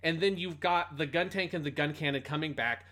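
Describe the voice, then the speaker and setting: A man co-hosting a podcast in casual chat, telling stories in an animated, sweary way. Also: a little high, brisk. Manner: animated, sweary, laughing storytelling. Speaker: podcast co-host.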